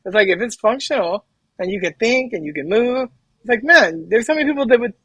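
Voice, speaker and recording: A man speaking very fast and hyper as a podcast guest in a casual interview chat. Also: high voice, animated, fairly bright tone, husky, no echo, low-quality recording.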